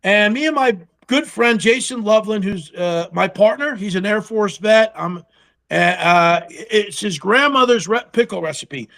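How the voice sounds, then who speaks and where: Guy with a raspy high-ish voice, chatty interview guest, acts out all the back-and-forth, swears a bit. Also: unhurried. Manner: animated storyteller who acts out quoted dialogue, salty language. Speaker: guest, pickle company co-founder. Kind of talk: casual storytelling interview.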